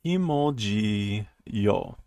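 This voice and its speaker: A man's voice: on the low side, animated, drawn-out words, darkish tone, no room sound, studio quality, heavily acted. A man voicing a scared, hungry little boy in a whimpering, pleading tone. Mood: whiny.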